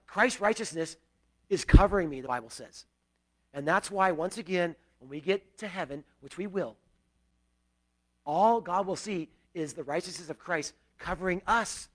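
A man in middle age delivers a sermon with a fairly high voice. He talks to the congregation in a loose, conversational way, drifting into personal stories. His loudness rises and falls sharply as he stresses key lines. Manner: conversational preaching with asides and swings in loudness. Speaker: pastor.

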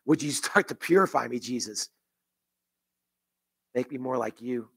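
A man's voice: medium pitch, unhurried, creaky, a bit bright, husky. A man pastor leading a closing prayer in church, earnest, with repeated phrases and restarts. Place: church sanctuary.

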